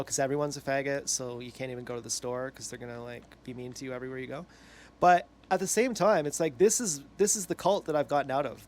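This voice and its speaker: A man in a rambling, self-correcting monologue, crude and meandering. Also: mid-range voice. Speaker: online commentator.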